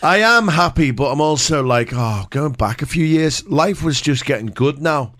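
A man's voice: on the high side, animated, moderate pace, a bit bright, slight background noise. A man in his thirties, a radio co-host and soon-to-be father, chatting in a good-natured, earnest way. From half Scottish, living in the UAE. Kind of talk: casual radio banter.

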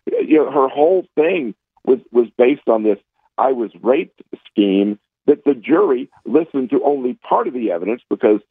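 A man's voice: medium pitch, big pitch swings, normal speed, breathy edge, no room sound. Man on a phone line, dry and tinny, combative and scornful political pundit. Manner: combative, scornful, with many fillers and restarts. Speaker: political contributor.

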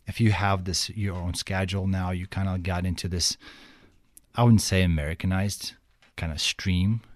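A man's voice: low-pitched, moderate pace, dry recording. A young man from Ukraine with a Ukrainian accent, telling stories in a casual interview and acting out the people in them. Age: young adult. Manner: animated, acts out quoted people, laughs often. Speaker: guest.

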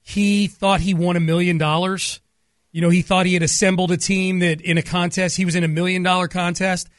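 A man hosting a sports radio show, upbeat and storytelling, slowing down on key words. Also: high-pitched, level tone, dry recording, clean studio sound. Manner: upbeat, storytelling, slows for emphasis. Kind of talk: casual sports radio talk. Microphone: studio microphone.

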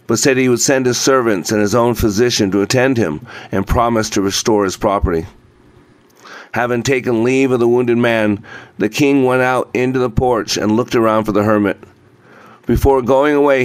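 A man narrating a folk tale aloud in a measured, steady reading voice, slowing down in places. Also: medium pitch, no room sound. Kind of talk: scripted storybook narration.

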